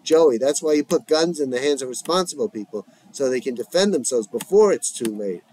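A man voicing a stubborn, hot-headed grandfather, arguing loudly while reading a script. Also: mid-range voice, expressive, a little fast, lightly acted, rough recording. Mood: heated. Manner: argumentative, raised voice.

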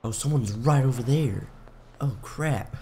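A young man talks to himself while he plays, rambling and self-mocking in a casual way. His voice sits at an ordinary middle pitch, rough from the early morning and prone to cracking. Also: measured pace, warm tone, a little hiss or hum. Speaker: gaming YouTuber. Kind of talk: casual gameplay commentary.

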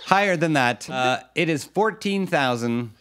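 A man's voice: on the high side, expressive, unhurried, fairly bright tone. A man hosting a comedic radio news quiz, posing questions and teasing the panel with wry replies. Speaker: quiz show host.

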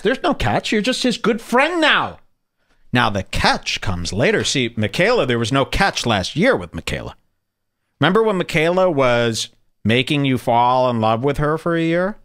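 Sarcastic man with a lively voice. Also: medium pitch, normal speed. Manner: sarcastic, mocking. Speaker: podcast host. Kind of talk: casual commentary.

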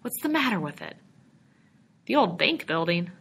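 A jittery young man, given voice by a woman reading a storybook, halting and breathless as he talks. The tone is bright and pointed, pitched a little low. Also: very animated, gravelly, slightly rough, heavily acted. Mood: anxious. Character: anxious young man returning home.

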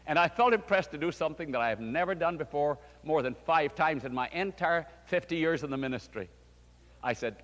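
A man's voice: a little high, lively intonation, brisk. An older man, a pastor, preaching a storytelling sermon with fervent emphasis. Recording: long hall reverb.

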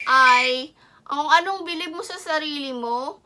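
A woman's voice: sits high, a little slow, slight background noise. A woman from the Philippines chatting casually in a vlog, switching between Tagalog and English. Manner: mixes Tagalog and English, upbeat greetings. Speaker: vlogger. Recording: loud background music.

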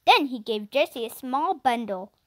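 A woman reads a children's chapter book aloud with a gentle, expressive lilt. Her voice is high and very melodic. The recording is dry and close. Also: normal speed, no echo. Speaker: children's audiobook reader. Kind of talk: storybook reading.

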